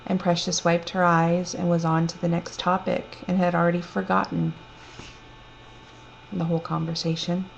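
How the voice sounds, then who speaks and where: Gentle low-voiced woman telling a story. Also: flat delivery, gravelly. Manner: gentle, reflective, unhurried. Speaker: storyteller sharing a personal testimony. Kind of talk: personal storytelling. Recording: dull lo-fi recording with faint hum.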